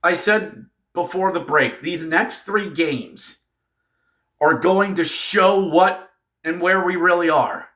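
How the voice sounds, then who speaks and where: A man ranting through a fan recap of a hockey game, exasperated and sarcastic, breaking into shouts. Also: high voice, slow pace.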